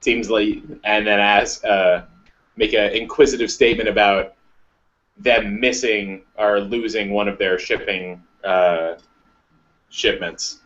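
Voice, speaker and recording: A man playing a tabletop game, talking in a relaxed, joking way. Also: on the low side, slow pace. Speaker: player. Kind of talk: casual tabletop game play. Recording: dull lo-fi sound.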